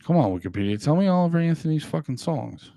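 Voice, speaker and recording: A man's voice: a little high, big pitch swings, fast talker, gravelly, mellow, no echo, clean studio sound. A young man talking casually as a podcast host, rambling and swearing, often cutting himself off and laughing. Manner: profane, rambling, self-interrupting, laughs often.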